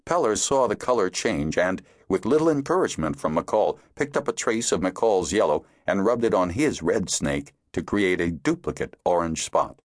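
A deep-voiced man reads a fantasy audiobook in a measured storytelling manner. His intonation moves lively around a low base. The sound is dry and close, without room echo. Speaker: audiobook narrator. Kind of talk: scripted narration.

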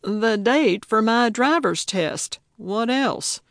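A bold, prickly old woman who plays sleuth, put on by a woman narrating a storybook. She talks slowly and emphatically, her voice raised and a bit gravelly, quick to take offense, in a dry, close recording. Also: on the high side, animated, no echo, voice pushed up. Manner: indignant, emphatic. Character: feisty elderly woman detective with a walker.

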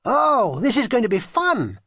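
A proud, stubborn little girl with a bright, high storybook voice, as a man puts her on. Her pitch jumps well above a speaking man's and swings widely. The sound is close and dry, with a slightly husky edge. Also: animated, measured pace, dry recording. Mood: gleeful. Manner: high childish pleading voice.

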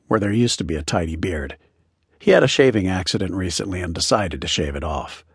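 A male audiobook narrator with a low, husky voice. He reads in a steady, measured way, and his intonation stays lively. The studio recording is close and completely dry. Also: dry recording. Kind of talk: scripted narration.

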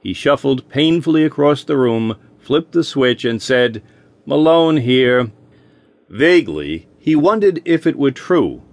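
A man narrating an audiobook in a wry, expressive storytelling manner. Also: medium pitch, unhurried, few pauses, no echo.

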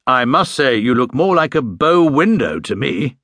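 A man's voice: medium pitch, sing-song, normal speed, fairly bright tone, no echo. Brief: bluff good-humoured father, read by a male narrator, dry teasing delivery, close dry sound. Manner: dry, teasing, a little sheepish.

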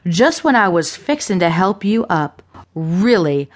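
A cold, vicious woman who swears freely and taunts her victim with contempt, as a woman narrator puts her on. She speaks slowly, dragging out her words with a raised, hard edge. An audiobook thriller performance. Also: fairly low pitch, sing-song. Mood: menacing. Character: ruthless foul-mouthed woman, cold and vicious.

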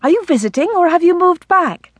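A woman voicing an eager, delighted young married woman in an audiobook who rushes on as she talks. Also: extremely high pitch, big pitch swings, no echo, pitched above the performer's own voice. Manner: eager, rushing on.

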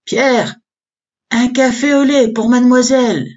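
A woman voicing an older, motherly French café owner with a thick French accent, speaking slowly. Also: a little high, steady tone, darkish tone, highs cut off, pitched above the performer's own voice, close to an everyday voice. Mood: warm.

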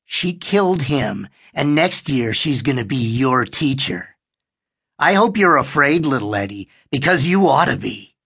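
A man's voice: mid-range voice, sing-song, measured pace, vocal fry, pushed and bright, slightly rough, exaggerated voice. A man voicing a scheming young boy who taunts his little brother in a horror audiobook. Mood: taunting. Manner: sneering, taunting.

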